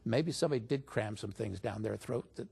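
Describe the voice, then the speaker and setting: A man recounting a personal story in a relaxed interview. His voice is strongly gravelly with a husky edge, and it rises into animated quoting whenever he speaks for others. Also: mid-range voice, fairly quick. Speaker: interview guest recounting stories.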